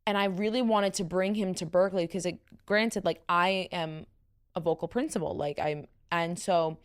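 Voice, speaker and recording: A young woman hosting her own podcast in casual, chatty talk. Her voice sits a bit deep, with some vocal fry, and she runs on with fillers and asides. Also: moderate pace. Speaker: podcast host. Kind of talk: casual chat.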